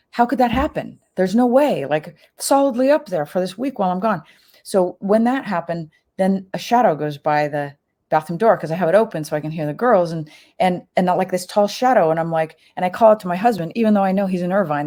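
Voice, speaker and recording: A middle-aged woman with a slightly low voice tells a personal story as a podcast guest. She talks casually, with many fillers, and acts out what people said in her quotes. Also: warm tone.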